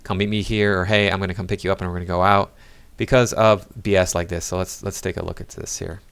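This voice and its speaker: A man's voice: sits low, little pitch movement, fast, vocal fry, a bit bright, clean tone, no room sound. A man giving sarcastic, mocking commentary on video clips. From United States. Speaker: reaction commentator. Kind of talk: critical commentary over clips.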